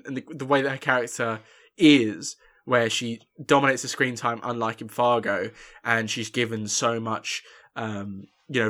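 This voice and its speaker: Rambling, animated young man reviewing films. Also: medium pitch. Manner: rambling and animated, with many fillers and restarts. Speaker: podcast co-host. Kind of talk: casual film review chat.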